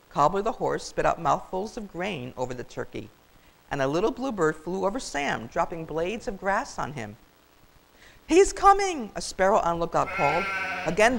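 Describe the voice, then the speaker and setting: Older grandma type reading a kids story, warm, lively ups and downs. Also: female voice, fairly low pitch, moderate pace, vocal fry, poor audio. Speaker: children's storyteller. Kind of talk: reading a children's story aloud.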